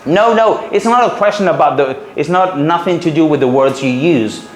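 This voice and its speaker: A man's voice: a little high, moderate pace. A man in his forties with a Spanish accent, a city guide trainer explaining his craft to a workshop in a confident way, with a few hesitant fillers. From Spain. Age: 40s. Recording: roomy hall with faint room noise.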